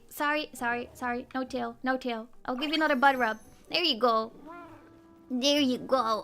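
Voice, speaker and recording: A woman's voice: high-pitched, moderate pace, pushed and bright. A young woman streaming a game, gushing in cutesy baby talk. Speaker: VTuber streamer. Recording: faint game music.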